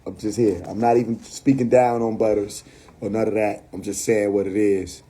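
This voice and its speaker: A man's voice: lowish voice, flat delivery, moderate pace, warm tone, breathy edge. A man with a New York accent, ranting casually and bluntly on a phone livestream from home, cursing and laughing between points. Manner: blunt, profane, laughing asides. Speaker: livestream host.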